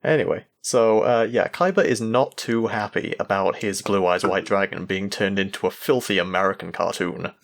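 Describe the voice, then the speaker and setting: A man's voice: low voice, moderate pace, vocal fry, few pauses. A man co-hosting a casual comedic review podcast, speaking hesitantly with frequent restarts and dropping dry jokes. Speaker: podcast co-host reviewing an anime.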